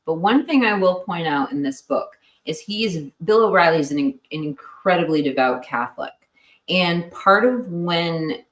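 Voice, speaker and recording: A woman's voice: low voice, a bit bright. A woman hosting a true crime livestream, chatting casually and steering the talk. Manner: quick to laugh, steers talk back on topic. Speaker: true crime channel host. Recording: echoey room, voice far from mic.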